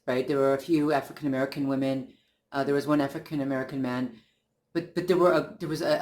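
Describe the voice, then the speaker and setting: A man talking in a casual monologue, earnest and indignant, often restarting his sentences as he works through his point. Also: medium pitch. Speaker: channel host.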